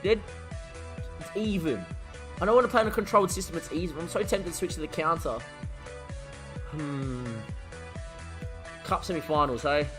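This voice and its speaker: A man commentating his football video game as a streamer, muttering one moment and shouting the next. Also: fairly high pitch. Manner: excitable, swings from muttering to shouting. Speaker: gaming streamer.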